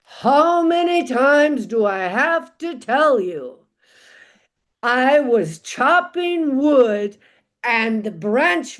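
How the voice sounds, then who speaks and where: A woman's voice: sits high, a little mellow. Folk-tale figure: a bossy, grumpy dead man, put on by a woman storyteller, scolding and impatient.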